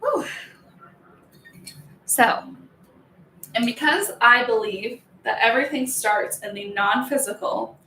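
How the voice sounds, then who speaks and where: A woman's voice: a little high, lively intonation, takes it slowly, long pauses, sharp tone, a little hiss or hum. A young woman hosting a casual spiritual vlog as an energy healer, chatty and giggly, full of fillers as she guides a healing practice. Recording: echoey room.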